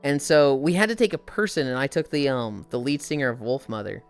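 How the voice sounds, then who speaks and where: Animated woman streamer, swears freely. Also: a bass voice, brisk, clear, resonant tone, faint music behind. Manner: profane, storytelling, reads chat aloud. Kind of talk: casual live-stream chat.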